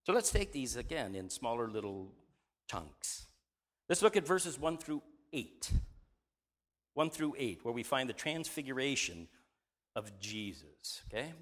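A man's voice: medium pitch, very animated, unhurried, fairly bright tone. A man preaching, reading a scripture passage aloud and teaching from it, often asking his listeners questions. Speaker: pastor. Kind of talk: Bible reading and sermon teaching.

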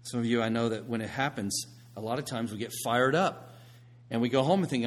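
A man preaching a sermon, swinging from hushed, quiet passages to loud, emphatic ones. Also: fairly low pitch, brisk. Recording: long reverb of a large hall.

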